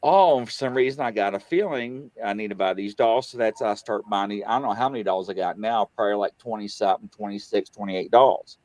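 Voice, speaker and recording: A man casually telling a story on a talk show, acting out the dialogue and jumping high in pitch when he gets excited. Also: a little fast, hardly any pauses, no room sound. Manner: animated, acts out quoted dialogue, voice jumps high when excited. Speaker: guest on a paranormal talk show.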